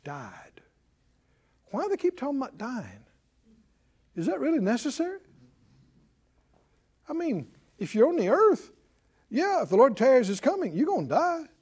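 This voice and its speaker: A man's voice: extremely high pitch, big pitch swings, moderate pace, long pauses, darkish tone, breathy edge. A man preaching a sermon, firing rhetorical questions at his congregation. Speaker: pastor.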